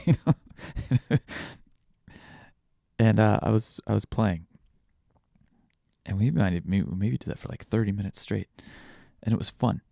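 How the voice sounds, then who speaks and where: A man in his thirties talks through a reflective podcast monologue, candid and rambling, often restarting his sentences. His voice sits very low with a gravelly fry, and the recording is dry and close. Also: normal speed, long pauses, warm tone, dry recording. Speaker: podcast host.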